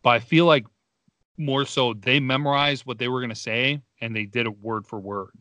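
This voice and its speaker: A man's voice: mid-range voice, steady tone, normal speed, pushed and bright, no room sound. A young man co-hosting a podcast, chatting casually and laughing often as he retells movie scenes. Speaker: podcast co-host. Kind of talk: casual movie review chat.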